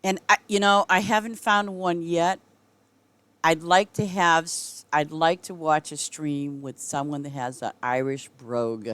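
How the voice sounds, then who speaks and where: A woman's voice: low voice, steady tone, a little slow, a bit bright, no echo. A middle-aged woman streaming a game and chatting casually with her viewers, rambling and often breaking into giggles. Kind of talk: casual chat with viewers while gaming.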